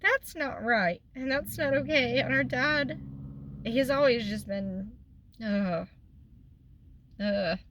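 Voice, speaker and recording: A woman's voice: fairly high pitch, slow, pauses often, a bit bright, slight background noise. A young woman vlogger venting in a casual storytime chat, upset and close to tears.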